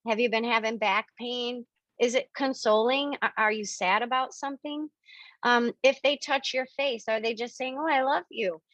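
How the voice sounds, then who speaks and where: A woman's voice: fairly high pitch, fairly even intonation, moderate pace, fairly bright tone, no room sound. A woman hosting a spiritual Q&A on a video call, chatty and acting out the dialogue she quotes. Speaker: spiritual medium hosting a member Q&A. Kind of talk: casual, animated explaining. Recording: dull, lo-fi video-call audio.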